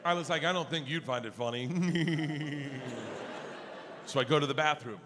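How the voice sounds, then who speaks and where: A middle-aged man doing a stand-up comedy set, telling stories loudly and acting out quoted lines in shifting voices. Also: on the high side, moderate pace. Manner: loud storytelling, acts out quotes in shifting voices. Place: comedy stage before a laughing audience. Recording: live stage mic with audience noise.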